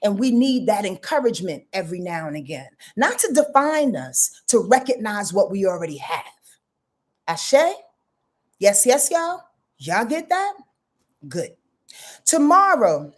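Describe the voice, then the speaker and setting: A woman's voice: mid-range voice, measured pace. A woman astrologer hosting a casual live stream, chatty and goofy, talking straight to her viewers and laughing at her own slips. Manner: animated, chatty, addresses viewers as y'all.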